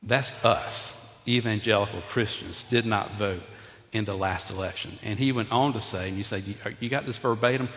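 A man preaching a sermon, talking directly to his congregation and acting out Bible figures in an animated way. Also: lowish voice, normal speed. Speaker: pastor. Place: church sanctuary. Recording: long reverb in a large hall.

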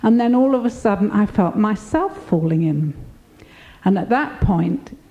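A woman's voice: medium pitch, expressive, unhurried, dull audio. An older woman giving an earnest, reflective personal testimony of her faith.

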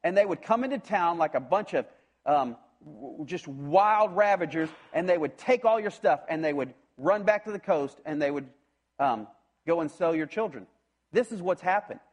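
High-voiced preacher telling a story. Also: male voice, normal speed. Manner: animated storytelling, acts out voices, frequent restarts. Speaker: pastor. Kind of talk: sermon.

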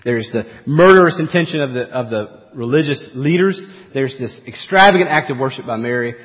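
A man's voice: mid-range voice, animated, a little fast, highs cut off. Male pastor preaching in a reverberant hall. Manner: rising to emphatic peaks, then dropping to quiet asides. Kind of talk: sermon.

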